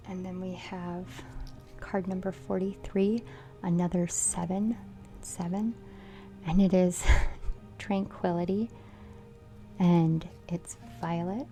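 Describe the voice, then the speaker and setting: A middle-aged woman doing a casual card reading, playful and giggly, often dropping into a soft whisper. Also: medium pitch, creaky. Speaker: tarot reader.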